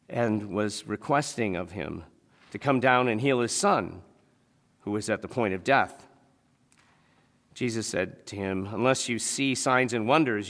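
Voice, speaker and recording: In the large hall of a church sanctuary, a pastor with a fairly low, slightly bright voice preaches. His tone is conversational, and he keeps asking the congregation rhetorical questions.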